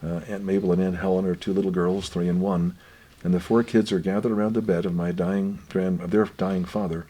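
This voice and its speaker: An older man gently telling family stories in an unhurried, reflective way, his voice often dropping quiet. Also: low-pitched, level tone. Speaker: guest author.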